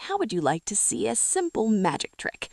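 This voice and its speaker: A woman voicing a sly old male farmer who speaks in a wry, unhurried way. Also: fairly high pitch, huge pitch swings, gravelly, darkish tone, pitched above the performer's own voice, heavily acted.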